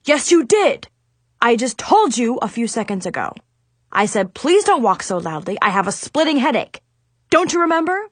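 A woman voicing a high-strung, moody male teacher who yells and grumbles in a fussy way. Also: expressive, measured pace, no room sound. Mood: grumbling.

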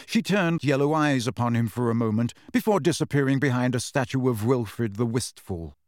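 A man narrates an audiobook in a steady, measured way, at a mid-range pitch. The recording is dry and close, with no room echo.

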